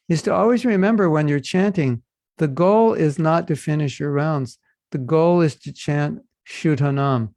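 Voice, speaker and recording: A man's voice: a little high, a little mellow, no room sound, clean studio sound. A man teaching a devotional class, earnest and addressing listeners with rhetorical questions. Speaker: spiritual teacher.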